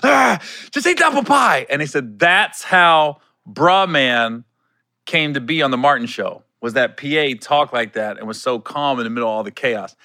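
A man's voice: medium pitch, moderate pace, sharp tone, no room sound. A middle-aged man hosting his own podcast in a studio, chatting casually and telling stories with laughter and quoted voices. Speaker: podcast host. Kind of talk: casual solo podcast chat. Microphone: studio podcast mic.

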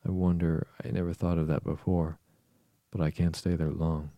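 A man's voice: extremely low pitch, level tone, normal speed, no echo, highs cut off. A man reading as Alice, a puzzled girl. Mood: musing. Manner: musing aloud, puzzled questions. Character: curious, chattering young girl. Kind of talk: storybook reading.

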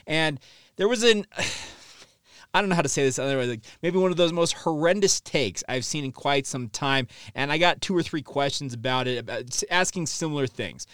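A man talks in a fairly high voice as he hosts a sports podcast, emphatic and opinionated. The sound is dry and close, with no room behind him. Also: fairly quick, a bit bright, smooth, no room sound. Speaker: podcast host. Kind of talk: sports talk podcast monologue.

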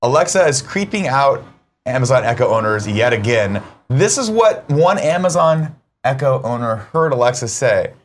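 A man's voice: medium pitch, very animated, moderate pace, slight background noise. A man co-hosting a casual morning show, joking and mock-alarmed as he reads out a news story. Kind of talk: casual chat.

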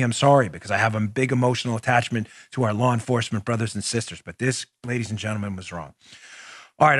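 A man's voice: mid-range voice, fairly bright tone, no echo, clean studio sound. Indignant male political podcast host. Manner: impassioned, indignant, stumbling restarts.

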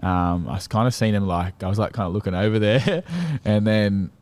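A young Australian man with a notably deep, low-pitched voice talks as a podcast guest. He rambles through his story in a casual way, packed with "like" and "um" and breaking into short laughs. It is relaxed, unpolished talk. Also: normal speed. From Central Coast, Australia. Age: young adult. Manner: rambling, filler-heavy, laughing as he recounts.

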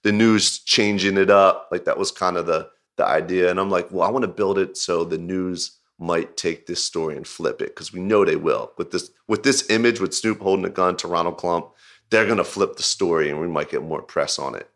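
A man who directs music videos tells a story in an interview, his low voice moving at a moderate pace. The retelling is casual, rambling and animated, packed with "like" and broken up by bursts of laughter.

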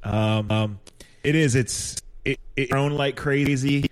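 A man chats on a sports podcast in an average-pitched voice. He speaks haltingly, often doubling words before he finds his point. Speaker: podcast co-host. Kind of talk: casual sports chat.

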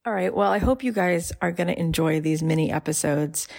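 A woman's voice: lowish voice, brisk, gravelly, a little mellow. A woman hosting a motivational podcast, speaking earnestly and encouragingly to her listeners. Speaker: podcast host.

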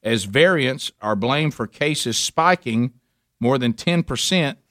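Man, radio co-host, casual chat, rambling, dry close sound, mid pitch. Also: slow pace, no echo. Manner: rambling, animated when joking.

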